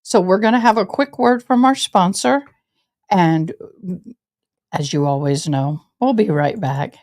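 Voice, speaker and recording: A woman's voice: lowish voice, measured pace, a little mellow. A woman hosting a casual livestream, bubbly and effusive, greeting viewers as y'all. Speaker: host of a legal news channel.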